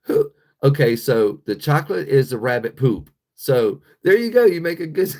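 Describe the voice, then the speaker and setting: A man's voice: mid-range voice, sing-song, moderate pace, darkish tone. A man hosting a casual livestream, talking bluntly and profanely to his chat and laughing often. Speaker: livestream host.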